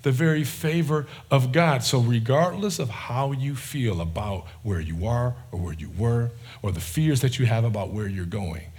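Husky-voiced man preaching with passion. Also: mid-range voice, lively intonation, normal speed, few pauses. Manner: passionate, swings from loud emphasis to quiet near-whisper. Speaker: pastor. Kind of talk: sermon.

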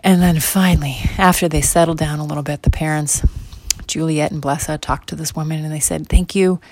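A woman gently narrating an improvised children's story to her child in a rambling way, repeating phrases. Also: low voice, little pitch movement, fairly quick, no room sound.

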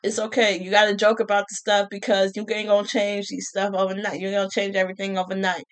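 A woman's voice: mid-range voice, monotone, fast talker. A young adult woman talking casually to camera, joking, laughing often and repeating her phrases. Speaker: vlogger.

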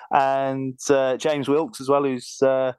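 Over a remote call, a Birmingham-accented man from Birmingham, England, hosts a casual podcast chat, rambling with lots of fillers and laughing often. He speaks at medium pitch with little pitch movement and drawn-out words, his tone a little mellow and clean, recorded dry.

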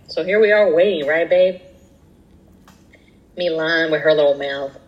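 A woman co-hosting a casual podcast, telling animated stories and acting out quoted voices. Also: lowish voice, a little slow, pauses often, low-quality recording. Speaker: podcast co-host. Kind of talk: casual chat, storytelling.

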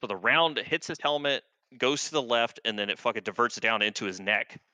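An army veteran in his thirties, appearing as a guest, tells war stories in a laid-back, profane, rambling way, full of fillers. His medium-pitched voice is brisk, bright, and forceful, and the recording is dry.

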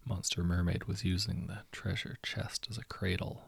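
A man softly narrating a story from a writing prompt in a hushed voice. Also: deep voice, level tone, normal speed, gravelly, slightly rough, dry recording.

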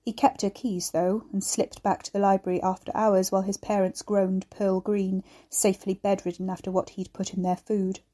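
Woman narrating a dark novel, mellow voice. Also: mid-range voice, little pitch movement. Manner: measured, dark storytelling. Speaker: author reading her novel. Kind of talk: audiobook narration.

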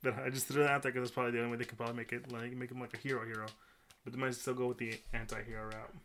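A man's voice: mid-range voice, level tone, racing, fairly bright tone, slight background noise. A man co-hosting a casual podcast, rambling and often restarting his sentences. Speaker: podcast co-host. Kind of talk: casual chat.

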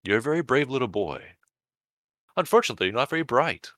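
A man acting out Death as a calm, expressionless, ancient figure, speaking quietly and solemnly in a lowered voice. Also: fast talker, no room sound, clean studio sound. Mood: wistful.

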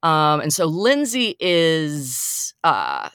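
A woman co-hosting a comedy podcast, chatting casually, wry and quick to laugh. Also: deep voice, smooth, no echo, clean studio sound. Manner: wry, laughs often, reads quotes in a flat deadpan. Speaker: podcast co-host.

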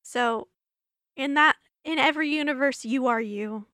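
Woman podcaster rambling and giggling, voice kinda shot, higher pitch, dry close mic. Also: unhurried, sharp tone, dry recording. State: worn-out voice. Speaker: podcast host. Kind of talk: casual solo podcast chat.

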